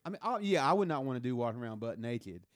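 A man's voice: mid-range voice, very animated, fast, no echo, clean studio sound. A man chatting casually with friends, joking crudely and laughing often. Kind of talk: casual chat.

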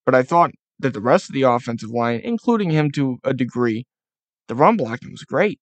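Host de pódcast, hombre, tono medio; desahogo malhablado y frustrado, sonido seco. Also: male voice, medium pitch, big pitch swings, a little fast, no echo. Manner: profane, frustrated ranting, mocking baby talk in bursts. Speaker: podcast host. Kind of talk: casual sports podcast rant.

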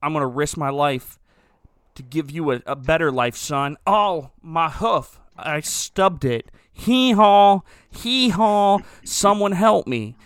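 A man's voice: on the high side, unhurried, a bit bright, clear, resonant tone, no echo. A man voicing an older male donkey, a proud father who brags and brays. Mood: boastful. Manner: boastful, braying.

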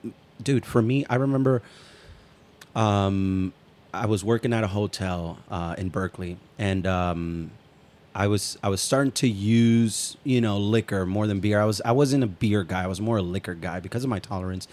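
A man's voice: on the low side, moderate pace, a little mellow. A man co-hosting a casual podcast, telling long personal anecdotes and swearing freely. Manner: swears freely, rambling anecdotes, acts out quotes. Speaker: podcast co-host. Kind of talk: casual storytelling chat.

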